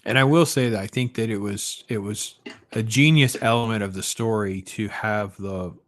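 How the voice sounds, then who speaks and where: A man hosting a casual podcast chat, enthusiastic and tagging his points with quick questions. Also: lowish voice. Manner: enthusiastic, tags remarks with "right?". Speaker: podcast host.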